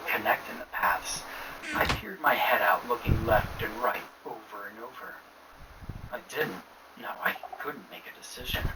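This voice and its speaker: A man narrating a first-person horror story in a hushed, often whispering voice. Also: mid-range voice. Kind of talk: scripted narration. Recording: distant mic with clear noise.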